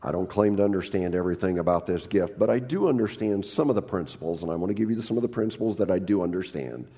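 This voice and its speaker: Gravelly-voiced pastor preaching a sermon. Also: male voice, sits low, fast, warm tone, in a large hall. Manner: humorous, acts out quoted people in raised voices. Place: church.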